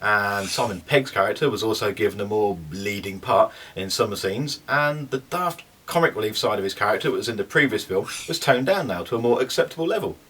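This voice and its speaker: A man's voice: lowish voice, animated, a little fast, few pauses, fairly bright tone, husky, distant mic. A man co-hosting a casual film review, chatty and cheeky.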